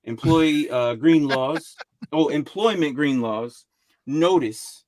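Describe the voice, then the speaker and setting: A man hosting a casual podcast chat, laughing easily and reading things aloud with halting fillers. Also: a little high, darkish tone, no echo. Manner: loose, laughing, reads signs aloud haltingly. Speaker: podcast host. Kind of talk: casual chat, reacting to a video.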